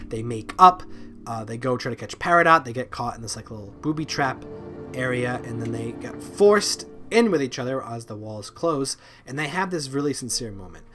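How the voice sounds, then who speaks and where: A man giving a casual, rambling review of cartoon episodes, halting and repeating words, with lots of ums and likes. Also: medium pitch, bright, forceful tone. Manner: loose and informal, swears offhand. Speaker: video reviewer.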